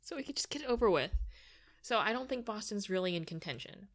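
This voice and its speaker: A woman's voice: mid-range voice, expressive, fast, fairly bright tone. A woman co-hosting a soccer podcast, talking through rosters in a casual, analytical way with dry teasing asides. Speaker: podcast co-host.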